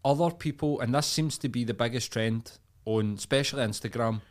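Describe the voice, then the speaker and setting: A man's voice: medium pitch, brisk. A Scottish man co-hosting a podcast, talking bluntly in casual, sweary chat and laughing often. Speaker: podcast co-host.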